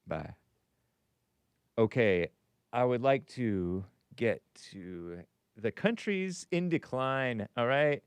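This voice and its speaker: A man's voice: medium pitch, expressive, slow pace, clean tone, no room sound. A man hosting a rambling commentary show, talking casually with a wry, sarcastic edge. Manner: laughs at his own remarks. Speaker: host.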